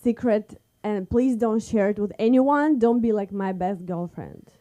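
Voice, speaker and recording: A woman from Kazakhstan performing a stand-up set in with deadpan punchlines. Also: medium pitch, unhurried. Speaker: stand-up comedian.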